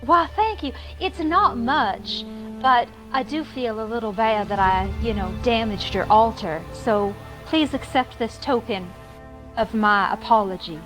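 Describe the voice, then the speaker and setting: A woman's voice: fairly high pitch, unhurried, over music, close to an everyday voice, rough recording. A woman voicing a friendly Irish immigrant woman in Texas, mixing an Irish accent with a Southern drawl. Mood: apologetic.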